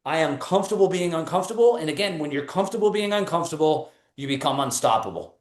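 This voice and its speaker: A man's voice: on the high side, fast, roomy sound. A man in his thirties with a New England accent, a performance coach giving a motivational talk full of stories and casual fillers. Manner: energetic storytelling, casual fillers.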